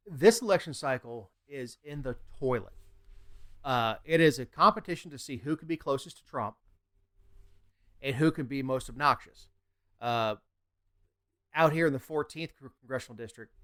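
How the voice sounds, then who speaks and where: Smooth-voiced blunt male podcast host. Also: medium pitch, moderate pace, long pauses, a bit bright. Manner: blunt, opinionated, drops into mocking impressions. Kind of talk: casual political chat.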